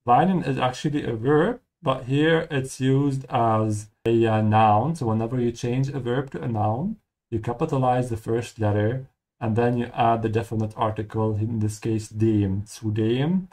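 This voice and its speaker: A man teaching German through game dialogue, explaining each line in a friendly way and repeating key words slowly. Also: mid-range voice, fairly even intonation, a little mellow.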